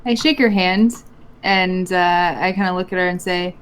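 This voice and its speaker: A woman's voice: lowish voice, fairly even intonation, moderate pace, clear, resonant tone. A woman player in a tabletop game, describing her character's actions with amused, easy laughter.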